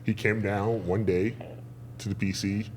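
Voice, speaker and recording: A man's voice: lowish voice, flat delivery, measured pace, a little hiss or hum. A man from Nigeria, a guest wrestler on a podcast, telling easygoing stories in casual chat.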